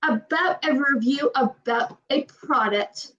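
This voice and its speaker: A high-pitched woman with a Southern accent talks fast and emphatically, often repeating herself. Her voice sounds set back from the mic, and the livestream audio is dull. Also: a bit bright, distant mic. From Georgia, USA. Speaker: livestream host. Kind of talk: casual chat.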